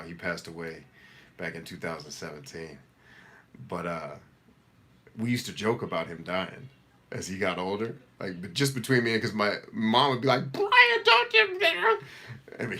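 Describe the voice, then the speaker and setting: A middle-aged man with a deep, low voice hosts a relaxed live Q&A as a life coach, reading viewers' comments out loud. His replies are direct, energetic, and motivational.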